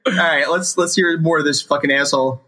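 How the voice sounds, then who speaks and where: A man's voice: a little high, fairly even intonation, fairly quick, bright, forceful tone, a little hiss or hum. A man co-hosting a podcast, reacting to clips with profane jokes, laughing often and slipping into mock voices. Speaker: podcast co-host. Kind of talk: casual comedic commentary.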